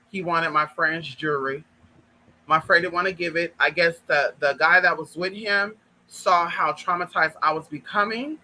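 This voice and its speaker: High, bright-voiced man telling a story. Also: slight background noise, low-quality recording. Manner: animated, profane, keeps addressing listeners as girl and y'all. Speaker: vlogger. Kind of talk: casual storytime monologue.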